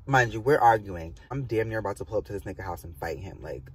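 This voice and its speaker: A young man casually telling a storytime on his vlog, animated and swearing a lot, with many "like" fillers. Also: fairly low pitch, fast, slightly rough, distant mic. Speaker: vlogger.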